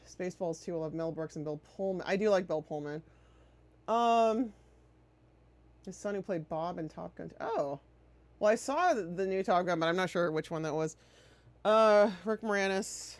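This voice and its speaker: A woman's voice: medium pitch, dry recording. A woman streamer chatting casually while playing a game, sarcastic and prone to swearing. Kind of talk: casual chat while gaming.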